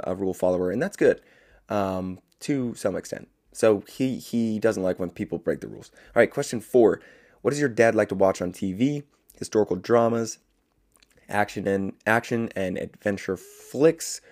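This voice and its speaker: A young man hosting a solo podcast, chatty and rambling, often laughing at himself and filling pauses with "uh.". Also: fairly low pitch, a little mellow. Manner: chatty, rambling, self-amused with frequent fillers. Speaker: podcast host. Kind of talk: casual solo podcast chat.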